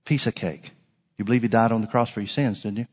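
A man preaching a sermon as pastor, emphatic, swinging from loud declarations to hushed lines. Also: lowish voice, steady tone, quick pace, in a large hall.

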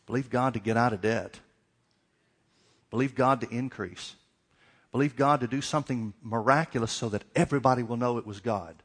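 A man's voice: medium pitch, a little fast, husky. A middle-aged man preaching a sermon, asking repeated questions and acting out little dialogues. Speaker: pastor.

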